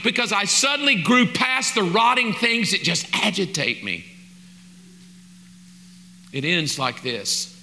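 Bright, high-voiced preacher. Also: male voice, animated, takes it slowly, pauses often, a little hiss or hum. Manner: conversational, jokey asides, mock exasperation. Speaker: pastor. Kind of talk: sermon.

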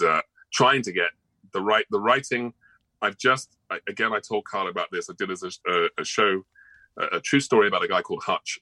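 Chatty low-voiced male actor. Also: sharp tone, dry recording, rough recording. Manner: chatty and rambling, with many ums and restarts. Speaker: actor, interview guest. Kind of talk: casual interview chat.

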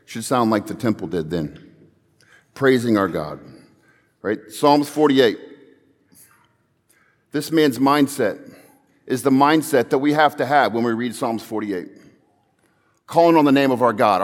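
A man's voice: medium pitch, in a large hall. A man preaching a sermon, telling a story earnestly and building to emphatic calls.

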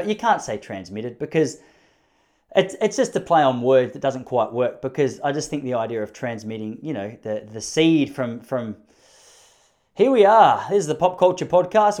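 A man's voice: a little high, darkish tone. An Australian man hosting a podcast, telling meandering, self-mocking jokes in casual comedic chat. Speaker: podcast host.

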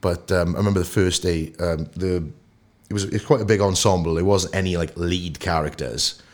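A man with a Welsh accent and a very low voice chats as a podcast guest. He tells his stories with animation, acting out the bits as he goes. He sounds like someone in his thirties. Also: a little fast. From Wales. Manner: animated storyteller who acts out anecdotes. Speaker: actor guest. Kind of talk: casual podcast interview.

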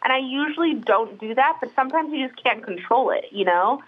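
A candid, chatty middle-aged woman speaks as a podcast guest, her voice sitting a little high. She talks in an easy, rambling way with lots of fillers and restarts. The sound is dull and lo-fi. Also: lively intonation, brisk, slightly rough. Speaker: interview guest, brow artist. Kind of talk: casual podcast conversation.

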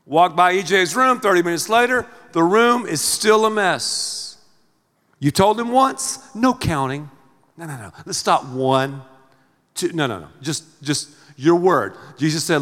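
A middle-aged male pastor preaching a sermon in a theatrical, animated way, acting out everyday scenes. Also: high-pitched, normal speed. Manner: animated, theatrical, acts out scenes with big swings in loudness. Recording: long reverb of a large hall.

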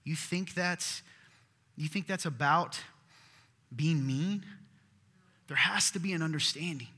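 A male pastor preaching a sermon in an earnest, conversational way, swinging from loud to hushed. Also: on the high side, takes it slowly. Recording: long reverb of a large hall.

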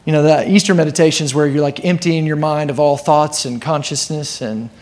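A man pastor preaching to his church in an animated way, sometimes acting out the voices in the story. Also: on the high side, a little fast. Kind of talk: sermon.

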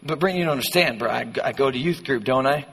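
A man's voice: on the high side, a little slow, a bit bright, pitched below the performer's own voice. A man doing a drawling, boastful churchgoing guy. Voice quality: folksy drawl, rambling excuses. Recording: long hall reverb.

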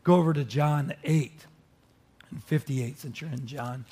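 A man preaching a sermon, teaching with animated emphasis and joking with his listeners. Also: fairly high pitch, a little slow, slightly rough. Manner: animated, rises sharply for emphasis, jokes with listeners. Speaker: pastor.

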